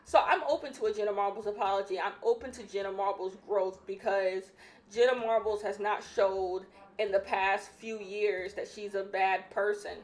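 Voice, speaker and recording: A woman's voice: medium pitch, darkish tone. A young woman hosting a casual solo podcast, opinionated and emphatic, repeating her points, a bit out of breath. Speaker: podcast host.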